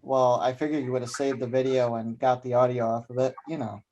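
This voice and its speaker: A man's voice: medium pitch, little pitch movement, brisk, warm tone, muffled recording, a little hiss or hum. A man co-hosting a podcast, telling stories and walking through a drink recipe in a loose, joking way. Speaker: podcast co-host. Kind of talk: casual podcast chat.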